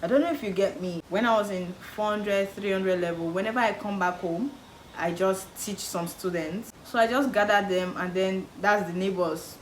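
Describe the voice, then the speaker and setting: Using a mid-range voice at normal speed, a young woman with a Nigerian accent, herself Nigerian, gives casual on-camera advice. She plays out her relatives' comments in an animated way with emphatic repetition, and faint background noise sits in the echoey room.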